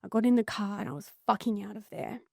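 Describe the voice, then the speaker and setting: A woman's voice: medium pitch, lively intonation, quick pace, creaky, dark tone, dry recording. Aussie woman telling her story, earnest and intense, swears a bit, dry close mic. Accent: Australian. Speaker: psychotherapist guest. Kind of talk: emotional personal story in podcast conversation.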